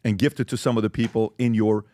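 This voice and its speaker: A man's voice: fairly low pitch, flat delivery, quick pace, mellow, no echo, studio quality. A man hosting a podcast, talking casually and with enthusiasm as he plugs merchandise. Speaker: podcast host.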